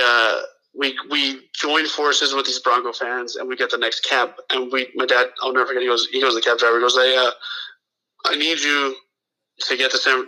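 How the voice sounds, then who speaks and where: Bright-voiced man telling a rambling story. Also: mid-range voice, low-quality recording. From Los Angeles area. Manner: rambling, profane, full of restarts and quoted dialogue. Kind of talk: casual storytelling.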